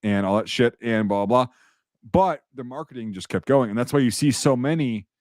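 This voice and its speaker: A man's voice: medium pitch, brisk, a little mellow, no room sound. Rambling, profane man in dry close sound. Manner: rambling, profane, many restarts and fillers. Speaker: podcast host. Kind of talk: casual chat.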